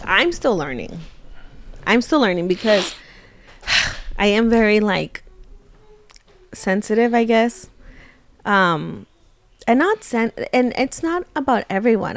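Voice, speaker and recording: A woman in her thirties, co-hosting a casual chat, animated as she acts out her own thoughts. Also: fairly high pitch, a little slow, long pauses, no room sound. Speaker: co-host.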